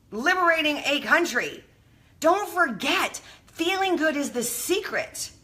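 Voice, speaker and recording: A middle-aged woman hosts a motivational live stream in a bright, forward voice. She talks in a casual, effusive way and calls out to her viewers by name. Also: fairly high pitch.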